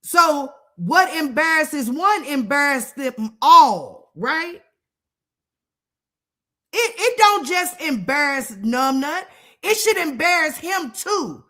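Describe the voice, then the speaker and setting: A middle-aged woman with a high, bright, forceful voice gives casual live-stream commentary at a slow, drawn-out pace. She is blunt and profane, laughs often and answers her viewers' comments as she goes. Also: big pitch swings.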